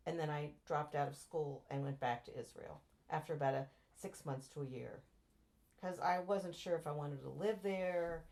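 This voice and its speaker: An older American woman with a notably low-pitched voice, sharing memories with her grown child. She wanders from story to story, breaking off mid-sentence and circling back as details come to her. Her tone stays conversational and unhurried. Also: creaky, darkish tone. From United States. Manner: rambling, meandering recollection with restarts. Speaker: interviewee, mother. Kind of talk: reminiscing in a family oral-history interview.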